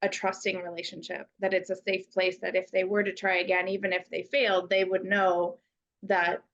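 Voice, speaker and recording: A woman's voice: on the low side, level tone, normal speed, a bit bright, highs cut off. A woman youth educator talking casually and thoughtfully, acting out example phrases with frequent restarts. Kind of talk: casual conversational talk.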